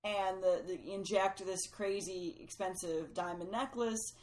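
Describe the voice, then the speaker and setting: A woman in a relaxed chat, explaining the history behind a film. She is agreeable, speaks at a middle pitch and uses plenty of fillers. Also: a little slow, slight background noise, poor audio. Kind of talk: casual film discussion.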